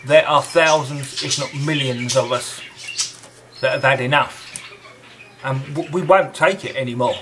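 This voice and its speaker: A man delivering an angry, confrontational monologue straight to the listener, scornful and deliberate. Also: medium pitch, background noise.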